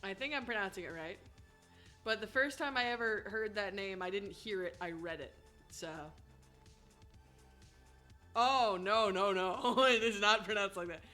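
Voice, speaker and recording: A woman's voice: medium pitch, measured pace, pauses often, sharp tone, faint music behind. A woman streaming a video game with chatty, laughing commentary and swearing asides, on a desk mic. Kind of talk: casual gaming commentary. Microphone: headphones and desk mic.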